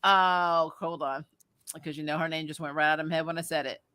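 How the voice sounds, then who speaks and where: A woman with a Midwestern-meets-Southern American accent hosting a casual review chat, animated and swearing freely. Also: low voice, brisk, slight background noise. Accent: Midwestern and Southern US mix. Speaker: channel host.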